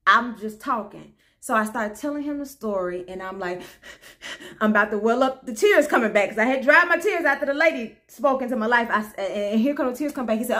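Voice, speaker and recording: Bright, animated woman storyteller. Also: fairly high pitch, normal speed. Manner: expressive, drops to a hush for quotes, peppered with "y'all" and "honey". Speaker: vlogger telling a personal story.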